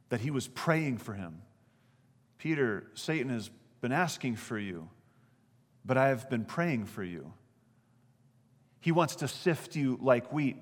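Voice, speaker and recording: Casting: male pastor, mid-pitched voice, earnest conversational sermon delivery, long hall reverb. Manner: earnest, conversational preaching with light laughter.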